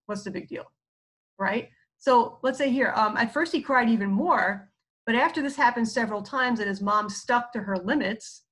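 In a fairly high, fairly bright voice, a woman psychologist gives a casual lecture on therapy skills. She's chatty, loaded with fillers and asides, and acts out quoted speech.

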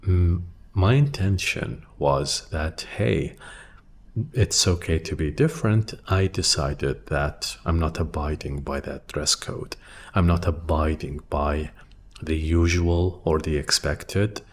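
Deep-voiced man musing slowly. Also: fairly even intonation, a little hiss or hum. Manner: thoughtful, hesitant, with restarts and soft trailing phrases. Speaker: podcast host. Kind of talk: reflective solo monologue. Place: quiet room. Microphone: studio microphone.

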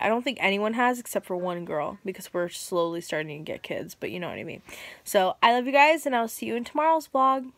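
A young woman talks straight to the camera in a casual vlog and swears without a second thought. Her voice sits at a middle pitch. The sound is close and dry, with no room echo. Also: a bit bright. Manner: chatty and frank, swears freely. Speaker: vlogger. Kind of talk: casual chat.

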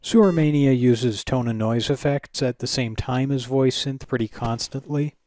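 A man's voice: mid-range voice, moderate pace, darkish tone. A man hosting a retro computing channel, narrating a scripted review in a dry, wry, analytical way.

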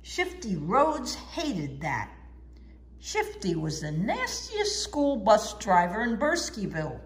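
Expressive woman reading a children's story. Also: mid-range voice. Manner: expressive, sing-song. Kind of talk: children's book read-aloud.

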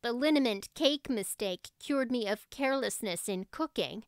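A woman voicing a spirited, imaginative teenage girl who speaks in an earnest, expressive way. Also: on the high side, moderate pace, clean tone, no room sound, studio quality. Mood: earnest, hopeful.

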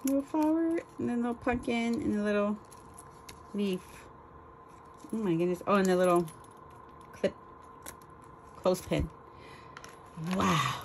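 A woman's voice: mid-range voice, creaky, mellow, a little hiss or hum, rough recording. A woman chatting casually as she unboxes craft swap items on her vlog, gushing and exclaiming over each one. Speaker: crafting vlogger.

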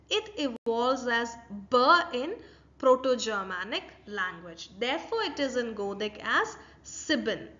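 A woman's voice: high-pitched, sharp tone. A woman with an Indian English accent giving a university lecture, explaining step by step and asking rhetorical questions. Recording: dull lo-fi recording.

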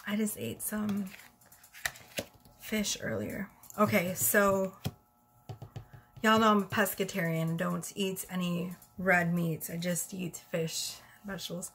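A woman's voice: on the low side, level tone, takes it slowly, fairly bright tone, slight background noise. A woman giving a casual tarot reading, chatty and rambling, a little out of breath. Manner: chatty, rambling, self-correcting. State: slightly out of breath. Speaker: tarot reader.

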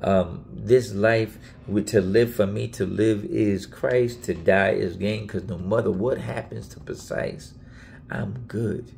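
A man's voice: on the low side, steady tone, slow, creaky, a little mellow. A man preaching in a casual Bible teaching video, earnest and emphatic, often repeating himself and restarting phrases.

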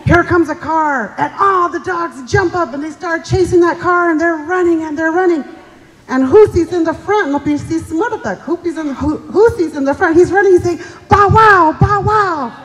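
High-voiced woman doing live stand-up. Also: moderate pace. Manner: folksy, chatty, teasing the audience. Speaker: stand-up comedian and emcee. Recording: live show in a reverberant hall with audience.

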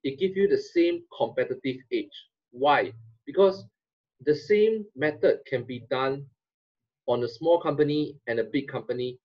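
A man's voice: medium pitch, measured pace, muffled recording. A man presents as an e-commerce consultant in a webinar, speaking in a direct, explanatory way.

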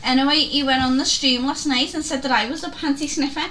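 A woman's voice: high voice, fast, few pauses, noisy background. A woman, a streamer telling stories in casual chat over a game and laughing often. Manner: chatty storytelling, laughs often.

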